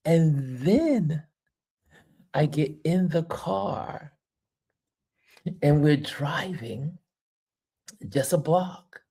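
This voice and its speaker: A woman from New York chats through a travel livestream with a very deep, dark voice. She takes her time and lets her pitch swing widely. She laughs often as she tells her stories. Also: extremely slow, long pauses, slightly rough. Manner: animated, laughs often while telling stories. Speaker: travel vlogger and livestream host. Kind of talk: casual livestream storytelling.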